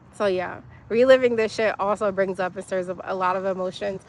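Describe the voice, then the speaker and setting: A young woman, venting angrily in a profane, emotional personal vlog. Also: medium pitch. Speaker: livestream host.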